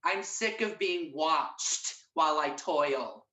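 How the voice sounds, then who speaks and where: A man's voice: on the high side, slow, sharp tone. A man playing a put-upon gardener in an improv scene, grumbling. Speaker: improv player. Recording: distant, echoey room.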